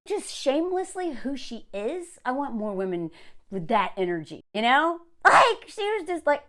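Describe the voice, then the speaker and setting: A woman's voice: sits high, a bit bright. A woman giving an opinionated commentary rant to camera in a sarcastic, scornful way. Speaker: commentary vlogger.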